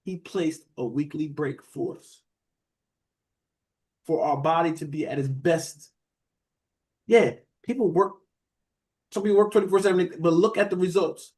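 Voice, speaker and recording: A man's voice: on the high side, steady tone, a little slow, pauses often, darkish tone. Man preaching in a conversational style. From United States. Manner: conversational preaching, asks the room questions and says "beloved". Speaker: teacher preaching a Bible study. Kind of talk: sermon.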